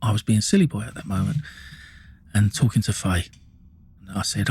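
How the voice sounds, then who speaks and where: A man's voice: fairly low pitch, moderate pace, long pauses, a little mellow, slightly rough. A middle-aged man with an Essex accent, telling his own story in blunt, sweary casual speech full of restarts. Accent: Essex English. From England. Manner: blunt, sweary, with many restarts and "you know what I mean". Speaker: storyteller recounting his life.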